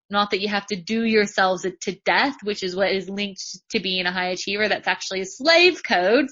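A woman with a medium-pitched voice that's pushed and bright with a breathy edge gives a motivational spiritual talk on her podcast, repeating phrases for emphasis. She's a podcast host and business coach, and the recording is dull and lo-fi.

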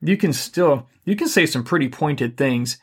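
A middle-aged man co-hosting a podcast, giving relationship advice in a calm, even, deliberately unhurried way. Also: on the high side, slightly rough. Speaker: podcast co-host. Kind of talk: casual advice chat.

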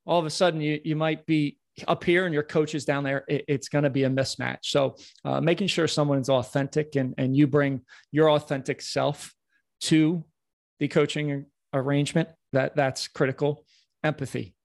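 An earnest man speaking as a guest coach in a conversational interview, his voice sitting a touch high. He often stumbles into repeated words as he restarts. The sound is close and dry. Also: no echo. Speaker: podcast guest, morning-routine coach.

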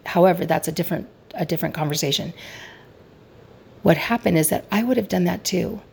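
A woman's voice: lowish voice, a little fast, creaky, a little mellow, a little hiss or hum. A middle-aged woman talking candidly and reflectively about her marriage as a coach sharing advice, often poking fun at herself. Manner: candid, reflective, self-deprecating. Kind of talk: personal advice talk.

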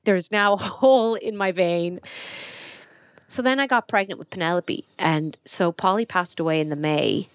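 Earnest woman with a low voice. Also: normal speed, no room sound, clean studio sound. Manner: earnest, animated retelling with frequent "like" fillers. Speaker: podcast guest. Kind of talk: personal storytelling in conversation.

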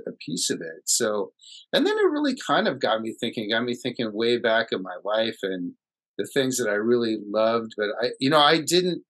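A man co-hosting a casual podcast, speaking reflectively and haltingly with restarts, recorded in a hall. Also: on the low side, a bit bright. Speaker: podcast co-host.

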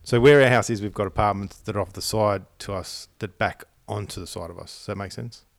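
Man, casual podcast chat, slightly low voice, rambling with ums, dry close sound. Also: fairly quick, vocal fry, no room sound. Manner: rambling, lots of ums and restarts. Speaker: podcast co-host.

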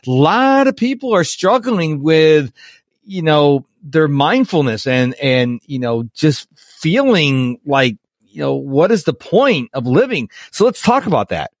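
An enthusiastic man hosts a podcast interview and asks questions. His pitch moves around a lot, and he often restarts his phrases. The recording is dry and close. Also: big pitch swings, a little slow, dry recording. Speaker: podcast host.

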